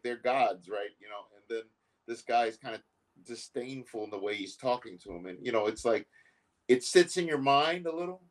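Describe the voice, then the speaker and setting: A man's voice: medium pitch, recorded from a distance, poor audio. Man in his 60s, sitting a little back from the mic, telling his life story in an earnest, reflective way. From United States. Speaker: interviewee. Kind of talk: recorded conversation between siblings.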